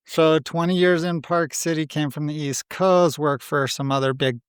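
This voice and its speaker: A man hosts a podcast in loose, joking, casual conversation, often trailing off mid-sentence. His voice is fairly high-pitched, clear, and resonant, with fairly even intonation and a moderate pace, captured as clean studio sound with no room sound.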